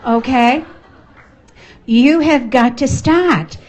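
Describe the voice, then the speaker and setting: Animated middle-aged Boston woman speaker. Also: sits high, extremely slow, lo-fi sound. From United States. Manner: animated, emphatic, playful. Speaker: motivational speaker. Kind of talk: motivational talk to a live audience. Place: function room at a networking event.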